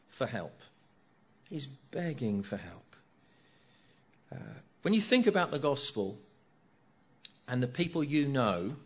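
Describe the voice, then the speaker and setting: A middle-aged man preaching a sermon, earnest, repeating key phrases and asking rhetorical tag questions. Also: medium pitch.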